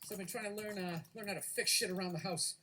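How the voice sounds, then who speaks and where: A middle-aged man doing a stand-up comedy routine, ranting loudly with profanity and shouted outbursts. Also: sits high, fairly even intonation, fast, a little hiss or hum.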